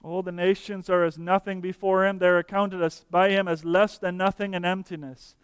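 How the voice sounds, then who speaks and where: A man preaching a sermon earnestly, slowing down for emphasis and dropping to soft, quiet tones. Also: high-pitched, little pitch movement, clear, resonant tone, no room sound, big-room sound.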